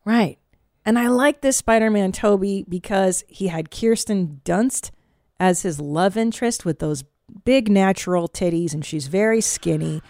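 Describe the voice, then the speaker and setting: Woman comic hosting her podcast, blunt and profane, rambling; mid-pitched, dry studio sound. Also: darkish tone, no room sound. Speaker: podcast host and stand-up comedian. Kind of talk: casual podcast chat. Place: studio booth.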